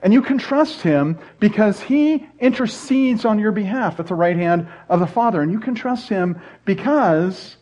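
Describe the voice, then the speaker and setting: A man's voice: high-pitched, lively intonation, normal speed, hardly any pauses, a little mellow. A middle-aged man preaching a sermon as a pastor, earnest and repetitive in his emphasis, with joking asides. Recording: dull lo-fi sound.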